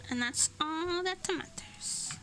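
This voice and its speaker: A woman's voice: very high-pitched, slow, sharp tone, faint music behind, poor audio. A woman streamer chatting casually while she draws, laughing between almost every phrase. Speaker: streamer and illustrator.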